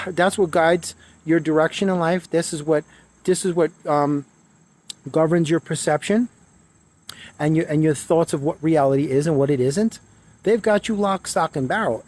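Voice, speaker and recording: A man with a fairly high voice speaks straight to his viewers in an urgent, emphatic monologue. He hammers home his points by repeating them and drawing them out. Crickets chirp softly in the background. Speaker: spiritual video creator. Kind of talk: preachy monologue to camera.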